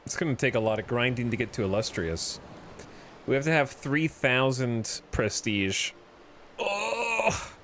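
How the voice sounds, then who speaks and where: A man's voice: medium pitch, very animated, measured pace, fairly bright tone, a little hiss or hum. A man streaming a strategy game, reading its event text aloud and adding wry asides. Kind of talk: casual gameplay commentary.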